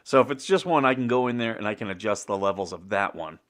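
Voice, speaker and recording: A man's voice: fairly low pitch, animated, fast, a bit bright. Rambling American man hosting a morning chat. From United States. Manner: rambling, chuckling, many fillers and restarts. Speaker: show host. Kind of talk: casual morning livestream chat.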